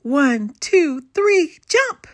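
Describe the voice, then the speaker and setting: An older woman voicing an eager little girl in a storybook, in a high childlike voice. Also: sing-song, normal speed, pushed and bright, no room sound, studio quality. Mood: excited.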